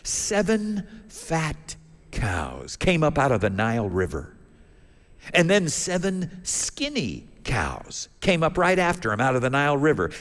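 A fretful old king, frantic and urgent, his voice pitched high and lively and rushing from one worry to the next, as a preacher puts him on. His words ring out with a long church echo. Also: heavily acted. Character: anxious ancient king, troubled by dreams.

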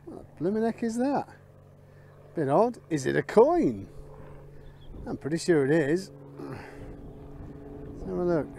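A man's voice: high voice, expressive, slow, vocal fry, long pauses, warm tone, a little hiss or hum. A middle-aged man, chatting casually to viewers as he detects outdoors and thinks aloud over his finds. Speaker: metal detecting vlogger. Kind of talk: casual commentary while detecting.

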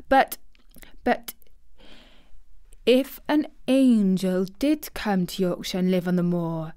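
A woman's voice: mid-range voice, a little mellow, clear, resonant tone, natural voice. A woman voicing a blunt, earnest young girl in a storybook reading, speaking frankly and sometimes snappishly. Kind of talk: audiobook character voice.

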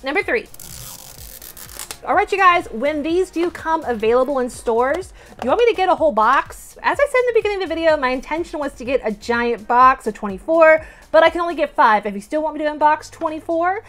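Woman, very high voice, swooping lively pitch, excitable toy unboxer, faint music underneath. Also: fairly quick. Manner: gushing, gasps and giggles, repeats "oh my goodness". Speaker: toy collector and channel host. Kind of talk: toy unboxing vlog chat.

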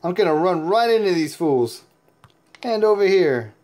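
A tired, sleepy man giving chatty, excitable gameplay commentary as host of his own channel, laughing often. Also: high-pitched, moderate pace. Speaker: mobile game player and YouTube host.

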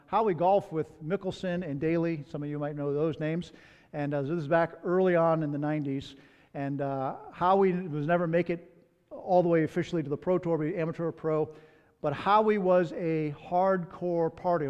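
A man's voice: a little high, a little mellow, long reverb tail, highs cut off. A man preaching a sermon as pastor. He tells stories in a conversational way, with candid asides.

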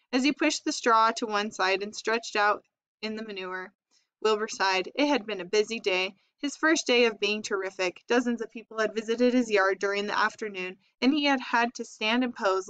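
A woman reading a children's chapter book aloud in a steady storytelling manner. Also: mid-range voice, clear, resonant tone, dry recording, low-quality recording. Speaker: reader.

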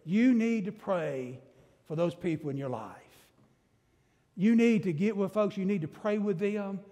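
Male pastor, high-pitched, emphatic sermon delivery, long church reverb. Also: expressive, unhurried, mellow. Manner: emphatic preaching with rising bursts and rhetorical questions. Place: church sanctuary.

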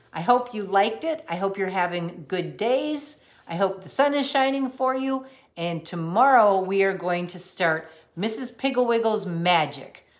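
A woman teacher reading a children's book aloud, cheerful and expressive. Her pitch sits in the middle but moves a lot.

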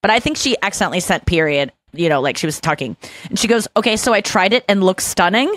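A young adult woman hosting a podcast, telling animated stories in casual chat and acting out what others said. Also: mid-range voice, fast, no room sound. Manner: animated storytelling, acts out quoted voices. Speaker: podcast host.

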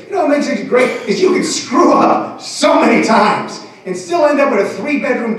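High-voiced middle-aged man doing stand-up. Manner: rambling, self-deprecating, with many fillers. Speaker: stand-up comedian. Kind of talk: stand-up comedy set. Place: comedy club stage. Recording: very echoey room, distant from the mic.

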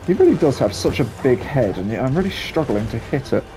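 A man's voice: medium pitch, sing-song, quick pace, over music. A young man giving casual, rambling gameplay commentary as a channel host, hesitant and full of ums.

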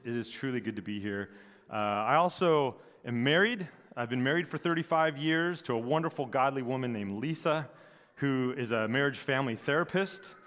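Middle-aged pastor in a reverberant church. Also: male voice, medium pitch. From Southern California. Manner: joking, relaxed, many fillers. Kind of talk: sermon introduction. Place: church sanctuary. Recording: long church hall reverb.

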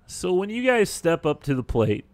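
A man's voice: on the high side, sing-song, moderate pace, dry recording. A man co-hosting a casual podcast, teasing the others and chuckling through cheeky questions. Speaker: podcast co-host.

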